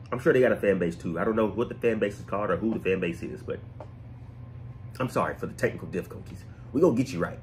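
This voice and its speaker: A fairly low-voiced man hosts a casual music reaction, joking and talking straight to his viewers. His voice swings widely up and down as he riffs. A steady noise hiss sits under the recording. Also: fast, low-quality recording. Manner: playful, jokey, talks straight to the viewer. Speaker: reaction channel host.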